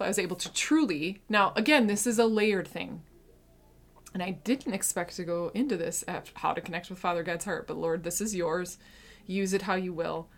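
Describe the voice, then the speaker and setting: A woman in her thirties giving a heartfelt personal faith testimony, earnest, swinging between hushed and intense. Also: fairly low pitch. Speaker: Christian speaker sharing testimony.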